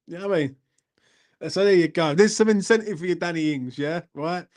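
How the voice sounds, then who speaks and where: A man's voice: high voice, lively intonation, a little fast. Rambling matey man on a live stream. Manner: rambling and matey, swears, keeps asking "you know what I mean". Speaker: fan channel host. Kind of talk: casual live-stream chat, answering viewers' comments.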